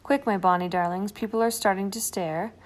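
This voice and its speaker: A woman voicing a cheerful old granny with a magic bag, fond and brisk with the children, for a storybook reading. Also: medium pitch, steady tone, natural voice. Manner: fond, brisk, calls the children her bonny darlings.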